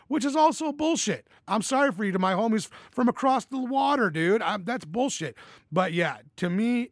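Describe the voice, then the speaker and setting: A man's voice: high-pitched, no echo, studio quality. A man hosting a casual Q&A podcast, blunt and profane, with bursts of enthusiasm. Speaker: podcast host.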